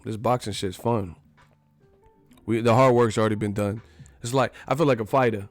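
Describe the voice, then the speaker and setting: A man hosting a live boxing talk stream, riffing in an animated, profane, joking way. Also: fairly low pitch, normal speed, no room sound, soft background music. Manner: animated, profane, laughing riffs. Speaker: boxing channel host. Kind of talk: casual live-stream commentary.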